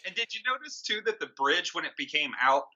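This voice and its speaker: A man's voice: a little high, sing-song, brisk, bright, forceful tone, highs cut off. A man co-hosting a comedy movie review podcast, sarcastic and incredulous as he mocks the film. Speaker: co-host of a movie review show.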